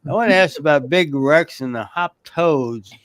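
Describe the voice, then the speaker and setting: A man's voice: on the high side, lively intonation, unhurried, fairly bright tone, no echo, clean studio sound. A man co-hosting a radio interview show, asking questions in an easygoing way.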